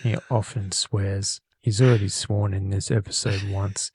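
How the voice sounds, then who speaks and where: A man's voice: fairly low pitch, level tone, unhurried, darkish tone, husky, no echo. A man co-hosting a podcast, casually reading out a listener's email with lots of restarts and laughter. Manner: rambling, laughing, self-correcting. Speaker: podcast co-host. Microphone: studio microphone.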